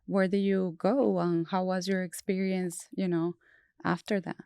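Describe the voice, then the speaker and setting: A woman's voice: fairly low pitch, level tone, measured pace, vocal fry, dark tone, clear, resonant tone, dry recording, studio quality. A woman hosting a podcast interview, encouraging her guest with frequent short backchannels. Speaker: podcast host. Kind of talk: casual interview conversation.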